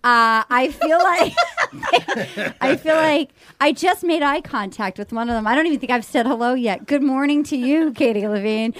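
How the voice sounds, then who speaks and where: A woman's voice: high voice, normal speed, dry recording. A woman hosting a podcast, recapping a reality show in casual comedic chat, laughing often and acting out quotes. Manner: animated, laughing, acts out quotes in exaggerated voices. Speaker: podcast host.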